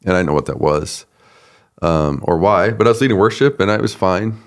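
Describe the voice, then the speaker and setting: Male pastor guest, very low gravelly voice, relaxed storyteller who laughs easily. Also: moderate pace. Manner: relaxed, laughs often, acts out quoted people. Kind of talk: conversational storytelling.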